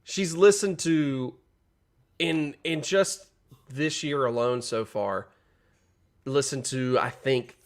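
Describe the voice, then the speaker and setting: A man's voice: medium pitch, takes it slowly, long pauses. A man co-hosting a casual chat show, joking in an easygoing way. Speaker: co-host.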